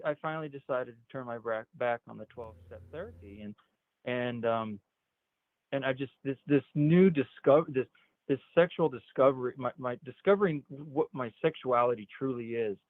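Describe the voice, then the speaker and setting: Brief: middle-aged man, personal storytelling, stammering restarts, pitch jumps up in quoted speech, thin telephone-band audio. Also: no room sound. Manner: halting, repeats words, rises sharply when quoting others. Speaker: interview guest. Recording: tinny phone-like line.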